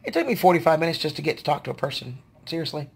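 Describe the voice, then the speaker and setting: A woman's voice: low voice, big pitch swings, racing, vocal fry, husky. A woman, venting to her viewers in a casual video diary, sounding tired and frustrated. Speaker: vlogger.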